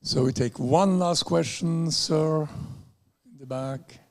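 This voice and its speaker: A man moderating a press conference, polite and a little halting. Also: a little high, creaky, darkish tone. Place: press club conference room. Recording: echoey hall.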